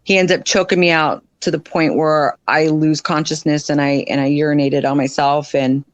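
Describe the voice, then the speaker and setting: Her low-pitched voice stays steady in a dry, close recording with no room sound. As a podcast guest, she tells candid personal stories in blunt, frank, unpolished sentences loaded with fillers, and jumps her voice up in quick shifts to act out other people's words.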